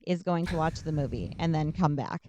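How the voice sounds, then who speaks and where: A woman's voice: low voice, fairly quick, slight background noise. A woman podcast co-host recapping a movie plot in a casual, joking, sarcastic way. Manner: joking, sarcastic, animated storytelling.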